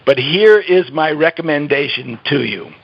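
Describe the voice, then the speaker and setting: Dull lo-fi audio captures a man, a guest in a conversational interview, offering health advice with earnest emphasis. His voice is a little high, gravelly and slightly rough, moving at a moderate pace with lively intonation, and he laughs often and keeps restarting his sentences.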